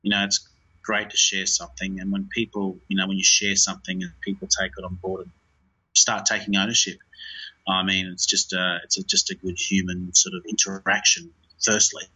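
A man's voice: low-pitched, flat delivery, normal speed, bright, forceful tone, slightly rough, low-quality recording. A man, a film director, talking in an interview in a rambling way, with many fillers and restarts.

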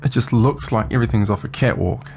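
A man reviewing films on a radio panel, opinionated and quick to push back, tripping over repeated words as he argues. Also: mid-range voice, gravelly, a little mellow, slight background noise. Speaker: film reviewer. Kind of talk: casual film review chat.

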